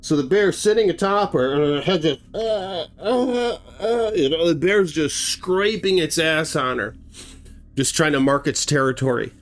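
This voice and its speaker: A man's voice: on the high side, normal speed. A man telling a chilling true story in a casual, dramatic way, with vivid asides to his viewers. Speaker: horror storyteller.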